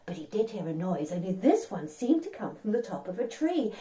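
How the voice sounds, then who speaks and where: Woman telling a kids story, lively ups and downs, talks right to the kids, far from the mic. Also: mid-range voice, fairly quick. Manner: animated, speaks directly to young listeners. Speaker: children's storyteller. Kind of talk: interactive storytelling for children. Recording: roomy and distant.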